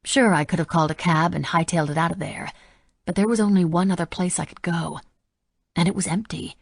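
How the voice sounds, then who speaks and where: Female audiobook narrator, deep raspy tone, sardonic first-person read. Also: steady tone, fairly quick, no echo, clean studio sound.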